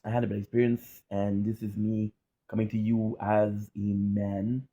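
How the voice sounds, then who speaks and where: A man's voice: on the low side, little pitch movement, moderate pace, breathy edge, highs cut off. A man hosting a reaction video, giving casual, candid, profane commentary with lots of restarts and fillers.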